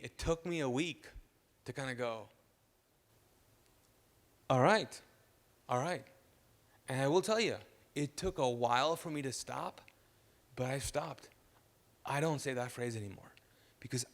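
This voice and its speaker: A man preaching a sermon as pastor, animated, repeating phrases and acting out the voices he quotes. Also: a little high. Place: church auditorium. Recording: reverberant church hall.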